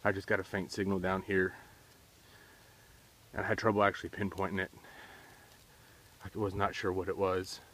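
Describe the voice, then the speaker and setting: A man narrating a metal detecting find outdoors into a handheld camera, shaky and hushed and repeating himself in disbelief. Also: low voice, flat delivery, normal speed, pauses often, a little hiss or hum. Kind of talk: excited outdoor vlog narration. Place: outdoors at a dig site.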